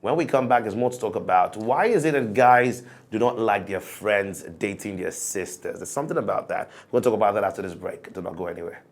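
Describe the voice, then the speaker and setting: A man hosts a studio talk show in a lowish voice. He probes his guest, repeating his questions until he gets an answer. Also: brisk, few pauses. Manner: probing, presses with repeated questions.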